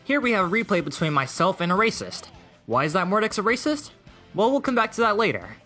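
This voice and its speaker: A young man giving deadpan, mocking commentary over gameplay clips. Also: sits high, fast talker. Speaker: gaming video creator. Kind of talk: sarcastic gaming commentary. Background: faint music.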